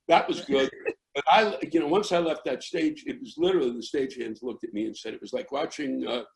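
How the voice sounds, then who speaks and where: An older American man, a comedian, tells a rambling story that keeps restarting and builds into yelling. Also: medium pitch, a little fast, gravelly, rough recording. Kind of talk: storytelling interview.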